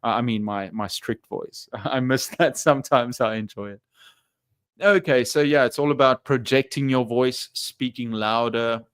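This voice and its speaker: A man's voice: medium pitch, moderate pace, fairly bright tone, smooth, dry recording, studio quality. A man teaching English on a live stream, chatting loosely and reading viewer comments aloud, full of fillers and restarts. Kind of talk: casual live-stream chat.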